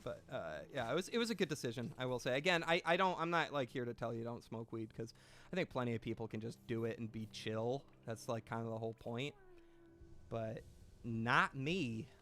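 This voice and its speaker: A man's voice: medium pitch, brisk, fairly bright tone. A man in his late twenties talks casually into a desk mic while he plays a game. He rambles and swears freely, answers chat and pokes fun at himself. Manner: rambling, self-deprecating, swears freely, reads chat aloud. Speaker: streamer. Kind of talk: casual gaming stream chat.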